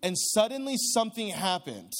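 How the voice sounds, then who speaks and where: High-voiced earnest male preacher. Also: big pitch swings, a bit bright. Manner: earnest, conversational, with restarts and drawn-out emphasis. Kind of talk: sermon.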